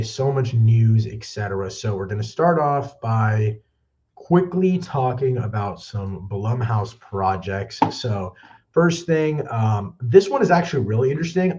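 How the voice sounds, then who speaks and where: A man's voice: mid-range voice, darkish tone, slight background noise. A young man hosting a movie news livestream, rambling and apologetic, a bit out of breath. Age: young adult. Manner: rambling, apologetic, self-deprecating. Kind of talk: casual livestream chat. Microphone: backup mic instead of usual one. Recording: dull lo-fi backup mic.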